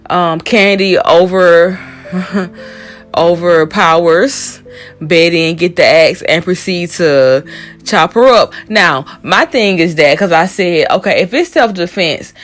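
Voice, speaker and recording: A woman gives her casual recap of a show. Her talk is blunt, profane and heated, with her opinions fired straight out. Faint music sits under her voice. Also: lowish voice.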